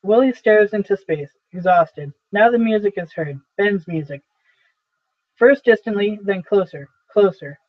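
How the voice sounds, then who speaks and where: A man reads stage directions aloud in a plain, matter-of-fact manner, his voice fairly high for a man. The sound is thin and phone-like, with a dry, close feel. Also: a little slow, dry recording. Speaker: reader of a play.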